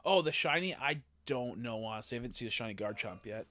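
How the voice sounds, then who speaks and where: Chatty swearing male game streamer. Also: mid-range voice. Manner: chatty and rambling, swears often, quick excited reactions. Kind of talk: casual live-stream commentary while playing.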